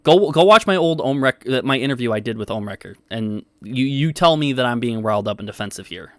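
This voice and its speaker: A man's voice: medium pitch, lively intonation, brisk, a bit bright, no echo, clean studio sound. A man hosting a livestream, arguing with his chat in casual, profane, defensive talk and reading comments aloud. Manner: defensive, swears often, reads chat aloud. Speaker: livestream host.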